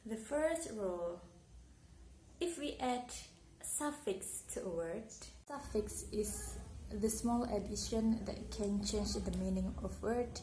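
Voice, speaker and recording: A woman's voice: medium pitch, slow pace, over music. A young Indonesian woman, a university student, gives a careful English pronunciation lesson with an Indonesian accent and repeats example words. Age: young adult. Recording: echoey room with faint noise.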